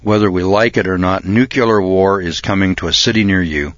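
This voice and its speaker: A man giving an insistent speech, often clearing his throat and restarting his sentences. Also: low-pitched, brisk, no room sound. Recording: dull lo-fi recording.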